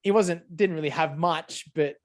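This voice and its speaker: A man's voice: fairly high pitch, moderate pace. A man co-hosting a podcast in laid-back, sweary casual chat, laughing often. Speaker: podcast co-host.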